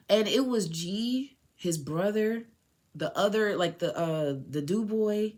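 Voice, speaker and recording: A woman's voice: fairly low pitch, takes it slowly. A young woman hosting a podcast, telling a painful personal story in a candid, slangy way and near tears at times. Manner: emotional, slangy and candid, retelling dialogue. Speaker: podcast host.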